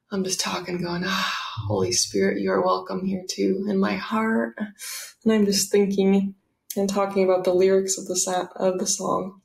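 A woman narrating a guided visualization, soft and dreamy, full of eager delight. Her voice sits at a middle pitch and is recorded with a noticeable roomy echo. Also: moderate pace, creaky.

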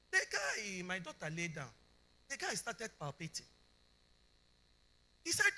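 At a normal speed, a bright, forceful middle-aged Nigerian woman shares a testimony sermon with a conference crowd. She voices both sides of each dialogue, her pitch swinging widely, and often asks the listeners if they understand.

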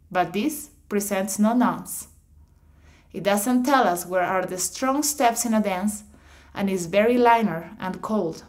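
A woman narrating an instructional audiobook, reading definitions in a measured, explanatory way. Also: medium pitch. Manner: measured, explanatory reading with slightly awkward phrasing.

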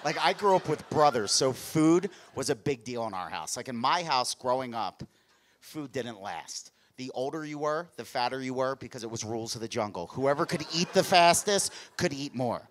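A man doing stand-up comedy on a club stage, telling family stories in an energetic, conversational way to the audience. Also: mid-range voice, moderate pace.

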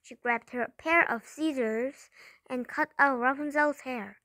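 Woman reading a fairy tale aloud, high-pitched, dry close sound, careful with occasional restarts. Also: unhurried, sharp tone, dry recording, poor audio. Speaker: storyteller. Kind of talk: storybook read-aloud.

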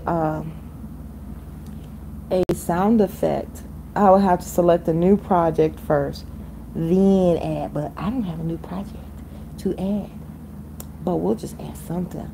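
A woman livestreaming who improvises a freestyle song with drawn-out sing-song repetitions, then chats casually. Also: lowish voice, gravelly, dark tone, slight background noise, poor audio. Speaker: livestream host.

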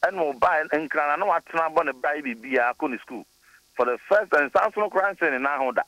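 A man's voice: a little high, fast, no echo, low-quality recording. A man from Ghana, a deputy education minister, telling stories earnestly as a radio interview guest. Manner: earnest storytelling, warmly praising.

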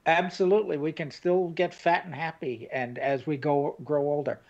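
Older man, co-host, casual chat, hesitant, slightly high voice, dull lo-fi audio. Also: steady tone, normal speed, a little mellow. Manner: reminiscing, hesitant with many uhs. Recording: dull lo-fi sound.

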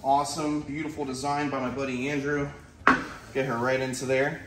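Amid very noisy audio, a young wildlife keeper speaks at medium pitch with little pitch movement and a moderate pace. Hosting his vlog, he narrates casually while handling animals, slipping into baby talk with them.

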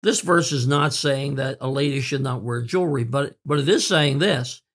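A man preaching a sermon in an earnest way, with fillers and repeated words, slowing down to stress key words. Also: mid-range voice, fairly bright tone, husky. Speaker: pastor.

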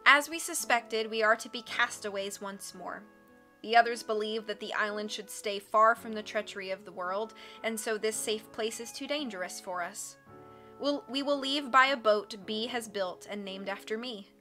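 Bright-voiced woman reading aloud. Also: on the high side, normal speed, faint music behind. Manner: expressive reading with casual asides to chat. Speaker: streamer reading a book aloud. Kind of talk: audiobook reading on a live stream.

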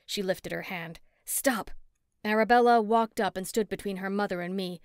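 Expressive woman audiobook narrator, dry sound. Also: mid-range voice, brisk, clear, resonant tone, dry recording. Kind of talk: first-person scripted narration.

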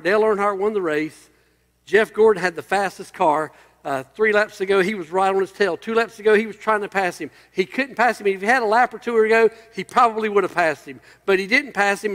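A man's voice: high-pitched, a bit bright, big-room sound. A male pastor preaching a sermon, emphatic and building through repeated phrases.

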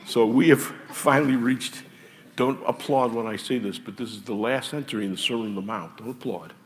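A man's voice: mid-range voice, normal speed. A man with an American Midwestern accent preaching a sermon in a church, chatty and joking between scripture readings. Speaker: pastor. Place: church sanctuary. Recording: distant mic in a reverberant church with faint ambience.

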